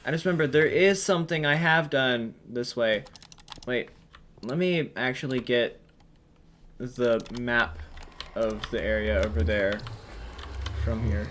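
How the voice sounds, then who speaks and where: A man giving casual gameplay commentary, thinking aloud with lots of ums and sudden excited bursts when an idea strikes. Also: medium pitch, unhurried, long pauses, a little hiss or hum.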